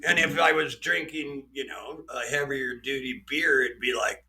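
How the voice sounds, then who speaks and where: Gravelly, bright-voiced joking man. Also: mid-range voice, fairly even intonation, normal speed, few pauses, a little hiss or hum. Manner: crude, joking storyteller. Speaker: podcast host. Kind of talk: casual podcast chat.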